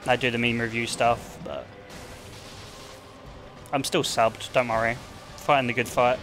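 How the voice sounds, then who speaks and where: A man's voice: mid-range voice, flat delivery, a little slow, fairly bright tone, soft background music. A young man chatting offhand to his stream while gaming, rambling and swearing, full of "like.". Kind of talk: casual livestream chat while gaming.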